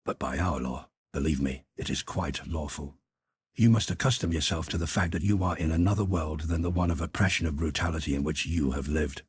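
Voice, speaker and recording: A man reading an audiobook, voicing a gentle, soft-spoken man who talks in a quiet, measured way. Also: extremely low pitch, a little hiss or hum. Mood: quiet stern.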